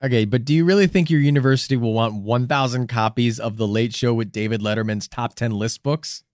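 A man co-hosting a comedic paranormal podcast, jokey and theatrical, swinging his pitch around for effect. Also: a little fast, darkish tone, dry recording, studio quality. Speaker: podcast co-host.

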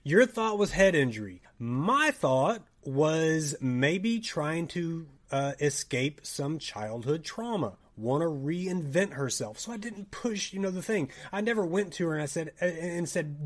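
A young man with a Tennessee drawl talks through a story for a podcast, his voice sitting a bit high for a man. He's animated and chatty, laughing and acting out bits of dialogue as he goes. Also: measured pace, few pauses. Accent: Southern US, Tennessee. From Tennessee, USA. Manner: animated, laughing, swears, acts out quoted dialogue. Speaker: podcast co-host. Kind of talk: casual storytelling chat.

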